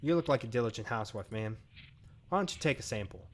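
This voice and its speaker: A man voicing a smooth-talking male gas station attendant who pushes his wares with ingratiating patter. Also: medium pitch, lively intonation, fast talker, slight background noise, close to an everyday voice. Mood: wheedling. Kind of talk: reading game dialogue aloud.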